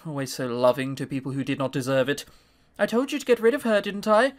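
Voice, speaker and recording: A man voicing a cold, possessive mother in a visual novel, speaking low, soft and sinister. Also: fast talker, natural voice. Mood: menacing.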